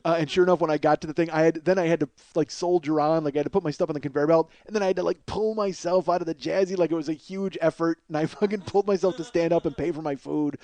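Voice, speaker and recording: A man hosting a podcast, telling a comic story in a profane, animated way and laughing along at his own tale. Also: on the high side, fast, few pauses, dry recording. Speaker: podcast host.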